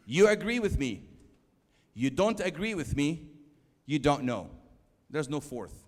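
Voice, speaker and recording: A man giving a church youth lecture, emphatic, slowing down for quotes and asking the audience questions. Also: on the high side, very animated, a little mellow. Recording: long hall reverb.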